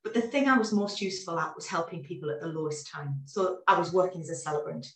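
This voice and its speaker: A woman in her forties talks through her story in a casual interview, animated and full of restarts. Her voice sits in a roomy, echoey space. She is a little far from the microphone, as on a video call. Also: fairly low pitch, quick pace. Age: 40s. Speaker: guest.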